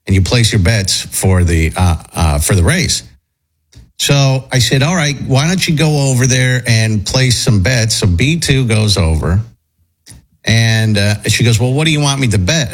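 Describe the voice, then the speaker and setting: A man's voice: lowish voice, breathy edge. A man telling a long rambling story in casual chat, full of fillers and restarts. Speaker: storyteller on a talk show.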